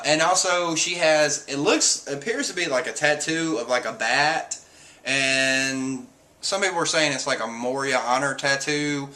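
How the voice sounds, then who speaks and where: A man casually recapping a comic chapter, animated, often laughing and acting out lines in squeaky voices. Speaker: manga chapter reviewer.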